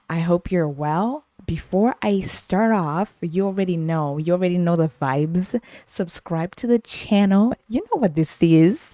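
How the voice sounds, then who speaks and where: A woman's voice: lowish voice, normal speed, warm tone, no echo, clean studio sound. A woman from Zimbabwe, hosting her podcast and telling stories in a playful, repetitive way. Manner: playful, repeats phrases, laughs often. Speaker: podcast host. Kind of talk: casual storytelling.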